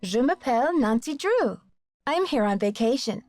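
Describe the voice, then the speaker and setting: A man putting on a high falsetto to voice a young woman detective, reading her lines in a mock-prim way. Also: big pitch swings, normal speed, soft background music, exaggerated voice.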